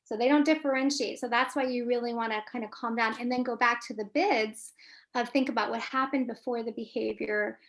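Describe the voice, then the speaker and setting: A woman with a raised pitch and a gravelly edge speaks as a family therapist in an online webinar. She gives practical advice in a coaching way and asks whether her answers help. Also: steady tone, a little fast. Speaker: licensed marriage and family therapist, webinar guest.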